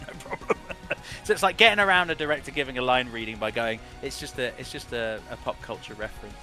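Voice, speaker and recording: A man's voice: mid-range voice, expressive, fast talker, pushed and bright, faint music behind. A man who works as a voice director, giving long, rambling interview answers full of restarts.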